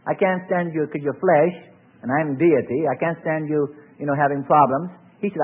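A man's voice: a little high, moderate pace, husky. A man preaching a sermon in a rising and falling cadence, asking the listeners repeated questions. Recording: tinny phone-like old recording.

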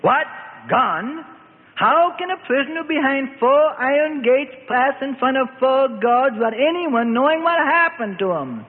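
A man voicing a proud, raging king who shouts his orders slowly and heavily. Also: high-pitched, lively intonation. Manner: shouting, bellowing, slow and drawn-out. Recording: phone-like band with long reverb and faint noise.

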